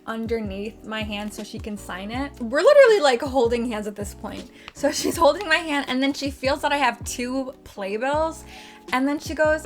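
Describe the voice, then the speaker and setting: A woman's voice: fairly high pitch, a bit bright. A young woman vlogger telling a casual story, gushing and peppering it with filler words. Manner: gushing, filler-heavy with many likes.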